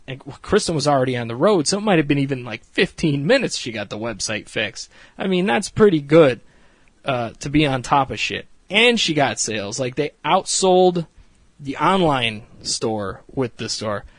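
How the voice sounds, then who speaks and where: A man's voice: mid-range voice, sing-song, normal speed, no echo. A man casually recapping a reality show episode, rambling and swearing freely with frequent laughs. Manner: rambling, profane, laughs often.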